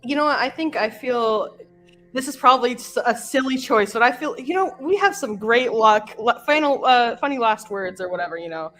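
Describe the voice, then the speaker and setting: A woman playing a tabletop game, chatty and animated as she describes her character. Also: a little high, normal speed, soft background music. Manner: chatty, animated, full of fillers. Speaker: player.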